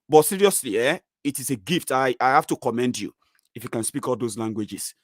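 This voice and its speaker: Brief: Nigerian man, Yoruba accent, mid-pitched, lively chatty vlogger, dry close sound. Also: a little fast, no room sound. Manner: animated, chatty, many fillers, lively rising swings. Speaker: channel host. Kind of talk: casual commentary monologue.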